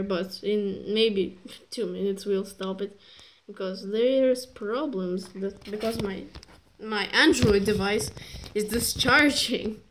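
A woman reviewing a strategy game in rambling, joking commentary that keeps interrupting itself. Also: medium pitch. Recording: noisy recording with clicks.

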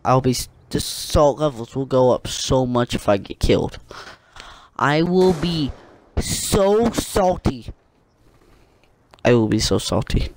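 A young man giving excitable, joking commentary over his own gameplay, trash-talking and yelping at sudden moments. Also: mid-range voice, moderate pace, few pauses, poor audio. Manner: excitable, jokey trash talk with sudden yelps. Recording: faint gunfire and game noise. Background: gunfire from the game.

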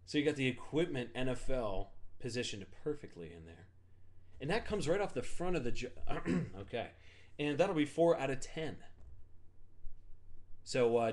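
A man hosting a sports card break, chatting casually and calling out each card for the buyers, joking as he goes. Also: medium pitch.

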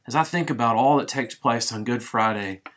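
A middle-aged man, a pastor, giving a devotional sermon as a vivid, dramatic retelling that slows down for emphasis. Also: medium pitch, fairly bright tone.

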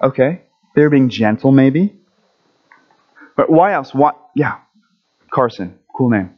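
A man giving a children's story at a church service, friendly and animated, asking the kids questions as he goes. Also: medium pitch, takes it slowly, lo-fi sound.

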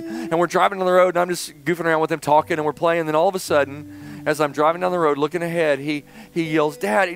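A middle-aged man preaching a sermon in church, telling a personal story and swinging between loud emphasis and hushed, tender passages. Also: fairly high pitch. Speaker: pastor. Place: church sanctuary.

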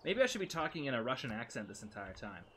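A man's voice: medium pitch, sing-song, fast, fairly bright tone, a little hiss or hum. A man in his thirties co-hosting a casual game livestream, joking and often trailing off mid-sentence. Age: 30s. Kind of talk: casual gaming stream chat.

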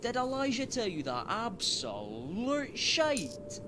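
An actor voicing a cocky Scottish bounty hunter in a video game, with a smug, taunting manner. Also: male voice, extremely high pitch, huge pitch swings, slow, heavily acted. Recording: game audio with background noise.

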